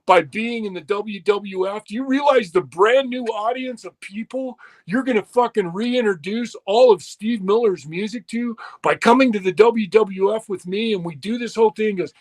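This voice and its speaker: A man's voice: high voice, normal speed. A middle-aged man in an interview, swearing often and acting out the dialogue as he tells a long story. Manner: profane, animated retelling with quoted dialogue. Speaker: interview guest.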